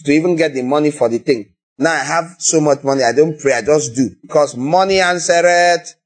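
Man, Nigerian accent, preacher, sermon, animated, breathy rasp. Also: a little high, brisk. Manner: animated, acts out little scenes in other voices.

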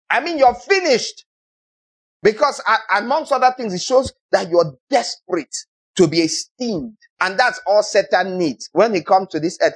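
Male preacher, sermon delivery; husky tone, mocking and rhetorical, dynamic. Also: high voice. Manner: rhetorical, mocking, swings from loud to soft.

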